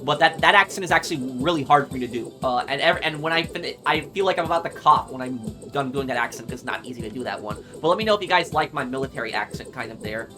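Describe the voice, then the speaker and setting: A man's voice: mid-range voice, lively intonation, quick pace, few pauses. A man playing through a game, reading its dialogue aloud in character voices and breaking off for chatty asides. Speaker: gaming YouTuber. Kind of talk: let's play commentary. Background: game music.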